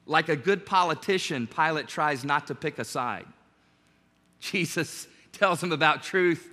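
A man preaching a sermon as pastor, animated and conversational, joking with his congregation. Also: fairly high pitch, a little slow, big-room sound.

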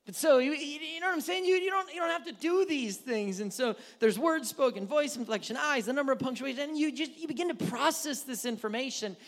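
A man's voice: very high-pitched, a little fast, hardly any pauses. A man preaching a casual, conversational sermon as pastor, acting out little dialogues in changing tones. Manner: animated, acts out little dialogues with shifting tones.

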